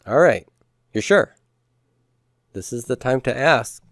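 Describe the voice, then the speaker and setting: A man's voice: mid-range voice, lively intonation, takes it slowly, dry recording. A man teaching a Hebrew grammar class, explaining patiently and quizzing the students with the odd light joke. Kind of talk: classroom lecture.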